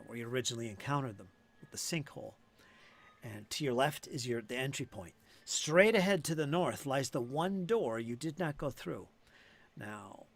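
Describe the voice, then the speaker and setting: A man narrating a tabletop game as game master, relaxed and conversational, with frequent fillers. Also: medium pitch.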